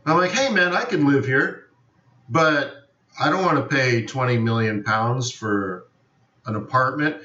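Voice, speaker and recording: Unhurried yet bright and forceful, a medium-pitched male voice rambles through a live forex trading stream, often admitting he doesn't know and repeating "I don't know." The sound is roomy and distant, with a dull lo-fi quality.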